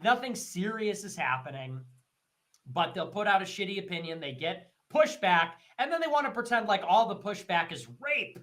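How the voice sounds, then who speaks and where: A man's voice: big pitch swings, normal speed, fairly bright tone. A man hosting a livestream, ranting in heated, profane commentary and repeating his points. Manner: mocks others in shrill put-on voices. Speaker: livestream host.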